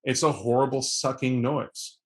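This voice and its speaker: A man's voice: medium pitch, fairly even intonation, unhurried. A man runs a tabletop game, narrating the action in a loose, conversational way. He keeps the scene moving with lots of fillers and asides. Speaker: game master.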